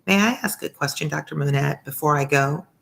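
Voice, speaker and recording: A woman reading the part of a prim, loyal, middle-aged English governess in a brisk, emphatic, fussy manner. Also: deep voice, creaky, fairly bright tone, full character voice.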